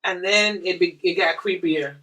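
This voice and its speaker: A woman's voice: lowish voice, moderate pace, pushed and bright, distant mic, poor audio. A woman, the host's mother, chatting casually and cutting in to correct details. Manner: interjecting corrections. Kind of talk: casual chat.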